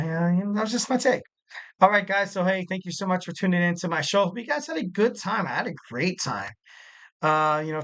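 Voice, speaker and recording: A man's voice: sits high, pushed and bright. A man hosting a casual solo wrestling podcast, rambling and jokey, with lots of filler words. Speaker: podcast host.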